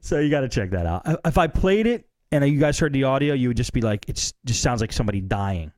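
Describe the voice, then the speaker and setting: A man's voice: medium pitch, sing-song, darkish tone, no room sound. Laid back guy cohosting a tech show, chatty, mid voice, dry close sound. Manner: easygoing, chatty, quick asides. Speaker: co-host. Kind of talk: casual tech talk chat.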